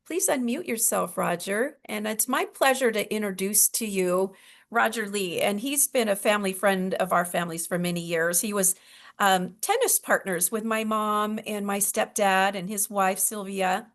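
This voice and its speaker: A woman's voice: mid-range voice, moderate pace. A woman hosting a wellness video call, chatty and emotional, with many fillers. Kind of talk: casual presentation on a video call.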